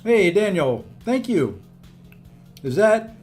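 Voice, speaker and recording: A man's voice: fairly high pitch, animated, normal speed, darkish tone, soft background music. A tired, upbeat man live-streaming a video game, chatting casually and thanking viewers by name as he plays.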